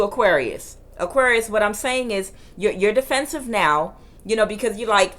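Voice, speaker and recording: A woman reading tarot cards in a forceful, emphatic way that can sound like yelling, repeating her phrases for emphasis. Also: medium pitch, animated, moderate pace, hardly any pauses. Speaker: tarot reader.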